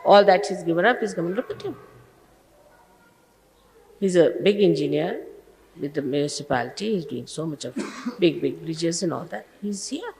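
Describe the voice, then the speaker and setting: A woman's voice: on the low side, lively intonation, normal speed, pauses often, darkish tone, reverberant, long reverb tail, rough recording. An older woman giving an informal sermon to her followers as a spiritual teacher, emphatic and scolding, full of rhetorical questions, in an old archive recording.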